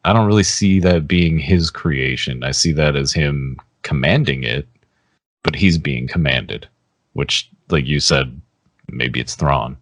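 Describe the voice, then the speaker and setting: Very deep-voiced man chatting casually. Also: measured pace, no room sound, studio quality. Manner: relaxed, laughs often, trails off. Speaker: podcast co-host. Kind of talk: casual chat.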